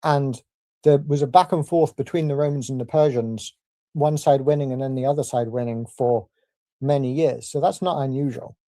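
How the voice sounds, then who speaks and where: A man with a gravelly, mellow voice works through a formal debate rebuttal point by point. He argues in a measured, deliberate way. The sound is close and dry, with no room around it. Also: mid-range voice, fairly even intonation, no room sound. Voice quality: measured, argumentative delivery.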